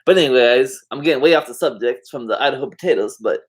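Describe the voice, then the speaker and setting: This male vlogger has a husky, mid-range voice and talks at a quick pace. Chatting casually to the camera, he wanders off topic, piling on fillers and relaxed slang.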